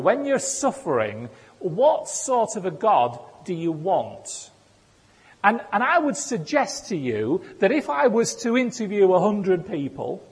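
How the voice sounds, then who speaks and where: A man's voice: sits high, husky. A man giving a sermon in a conversational way, with self-deprecating humor. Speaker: preacher. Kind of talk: sermon with personal stories. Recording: echoey hall.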